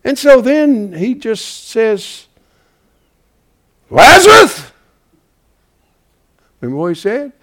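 A male preacher delivering a folksy, dramatic sermon, swinging between hushed whispers and shouts. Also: high voice, expressive, unhurried, hardly any pauses.

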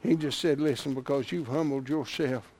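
A man preaching a sermon, moving from quiet retelling to loud, impassioned shouting with chuckles. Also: mid-range voice, steady tone, moderate pace.

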